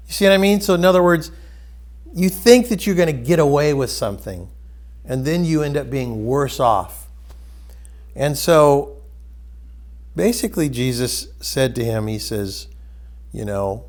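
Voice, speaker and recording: A man hosting a spiritual discussion, retelling a story in a loose, rambling way and dropping into soft quoted voices. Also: mid-range voice, animated, measured pace, long pauses. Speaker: host.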